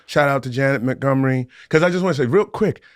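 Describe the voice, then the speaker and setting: An animated man co-hosts a casual rewatch podcast and retells scenes from his own show with plenty of laughter. His voice sits at an everyday middle pitch. The sound is close and dry, with no room around it. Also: fast, no echo. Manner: animated storytelling, often laughing. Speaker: podcast co-host and actor looking back on his show.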